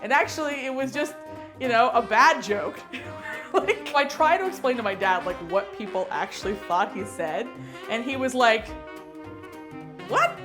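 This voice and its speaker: A woman's voice: a little high, animated, normal speed, music in the background. A young adult woman hosting a show, telling a funny personal story in a chatty, self-mocking way with some playful swearing. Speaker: host. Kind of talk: casual comedic storytelling.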